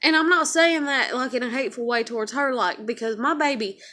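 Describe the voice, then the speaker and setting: A woman venting in a casual vlog, swearing heavily and swinging between hushed hurt and loud anger. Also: fairly high pitch, a little fast. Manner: heated, profane venting; emotional, wavers between quiet and loud. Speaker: vlogger.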